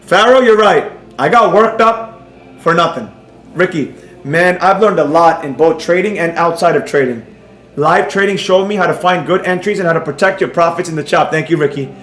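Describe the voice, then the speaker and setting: Male livestream trading instructor, mocking and animated, fairly high voice, roomy echo. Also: moderate pace. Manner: mocking, animated, mock-soothing at times. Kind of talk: livestream class banter.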